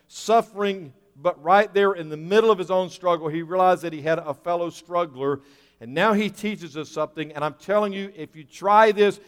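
A man's voice: on the high side, smooth, long reverb tail. A man preaching a sermon as pastor, emphatic and repeating key words, acting out the voices he quotes.

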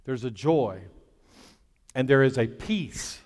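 A male pastor delivering an impassioned sermon in a church, swinging between loud preaching and a hushed, soft voice. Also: medium pitch, lively intonation, slow. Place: church sanctuary. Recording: long hall reverb with faint music.

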